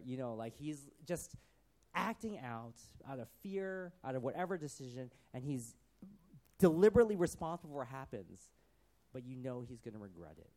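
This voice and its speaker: A man preaching, reading scripture and retelling it in casual commentary with acted-out voices, swinging from loud to hushed. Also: mid-range voice. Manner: acts out quotes in varied voices, conversational asides. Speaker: pastor.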